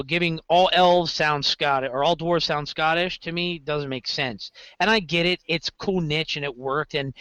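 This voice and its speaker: A man appears as a guest on a podcast, chatting casually about running his games as a game master. His slightly high voice is clean with no echo, though the recording is rough, and his animated storytelling rambles as he keeps correcting himself.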